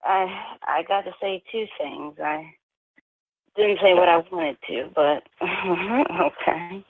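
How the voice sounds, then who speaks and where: A person on the show's phone line, hesitant and halting, often restarting words. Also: medium pitch, animated, creaky, no echo. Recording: phone-like narrow line, dry.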